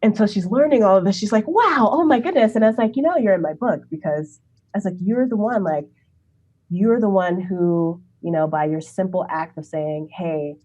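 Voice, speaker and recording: Animated storytelling woman in her forties. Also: lowish voice, brisk, lo-fi sound. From Brooklyn, New York City. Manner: animated, chatty, acts out remembered dialogue, laughs often. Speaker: interview guest. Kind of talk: casual conversational storytelling.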